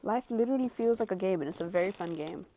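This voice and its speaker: A woman's voice: mid-range voice, quick pace, slight background noise. A woman in her twenties talking casually and frankly to her camera at home, rambling with many fillers. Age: 20s. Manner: rambling, heavy use of filler words, frank and expressive. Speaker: vlogger.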